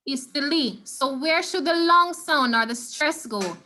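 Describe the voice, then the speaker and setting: A Jamaican woman leads an online Spanish lesson through her computer mic, patiently sounding words out again and again for her students. Her voice sits a little high and comes across bright and crisp. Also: lively intonation, a little slow, slight background noise. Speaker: Spanish teacher. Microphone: computer mic on a video call.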